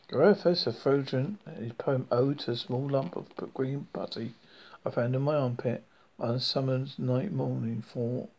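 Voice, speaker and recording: A man reading a novel aloud in a halting, self-correcting way. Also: medium pitch, vocal fry, husky, low-quality recording. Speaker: reader.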